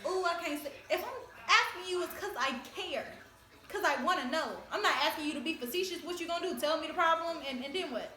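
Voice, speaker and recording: Fast bright-voiced woman lecturing emphatically. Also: very high-pitched. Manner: emphatic, lecturing, laughs often. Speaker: host. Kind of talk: casual discussion. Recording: echoey room.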